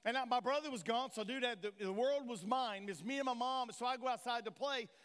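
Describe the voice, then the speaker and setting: A male pastor from delivers an impassioned sermon in a strikingly high voice. He keeps pulling the congregation in with questions. The sound rings out with a long church-hall reverb. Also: fast, fairly bright tone. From Tennessee, USA. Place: church sanctuary.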